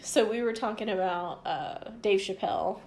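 A woman in her forties rambles through a story at normal speed, her mid-range voice a little mellow. In this casual storytelling chat she piles on asides, swears freely, and acts out both sides of conversations, quoting others back and forth in her own voice.

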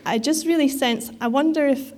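A woman's voice: high voice, normal speed, a little mellow. A woman giving a sermon in a conversational way, with frequent fillers and restarts. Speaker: preacher.

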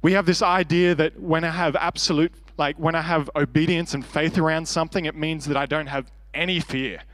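A man's voice: a little high, steady tone, brisk, slight background noise. A man preaching a sermon in an earnest, conversational way, acting out quoted prayers and speech. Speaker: pastor. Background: soft worship band music.

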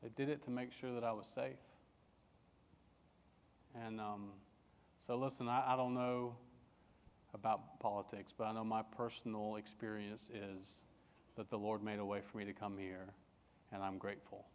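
A middle-aged man from England, a pastor giving a sermon in a halting, personal storytelling way with many restarts. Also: on the low side, little pitch movement, in a large hall.

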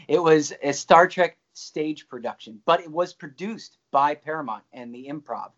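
A man guest recounts a story with animated energy, his voice sitting a little high and leaping up when excited. The audio is dull and lo-fi. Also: normal speed, few pauses. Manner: animated, excited storyteller with frequent pitch jumps. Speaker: guest actor. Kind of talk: casual anecdote storytelling.

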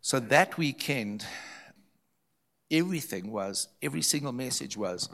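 A man's voice: mid-range voice, expressive, unhurried, vocal fry, long pauses, fairly bright tone. A man, a preacher, earnestly recounting a story as a testimony and repeating phrases for emphasis.

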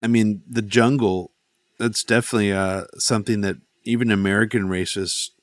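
A man's voice: lowish voice, steady tone, normal speed, no room sound, studio quality. A man co-hosting a podcast in casual political chat, talking in a rambling way with many restarts. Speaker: podcast co-host.

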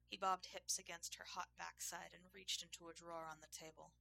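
A woman reading an erotic story aloud in a measured, intimate way. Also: lowish voice, flat delivery, gravelly, bright, forceful tone, poor audio. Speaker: narrator. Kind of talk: erotic audiobook narration.

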